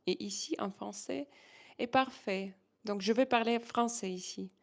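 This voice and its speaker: A woman with a Russian accent hosts a casual live-stream chat and answers viewers one by one. Her voice has a gravelly, creaky edge. She talks haltingly, searching for English words and dropping into French now and then. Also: mid-range voice.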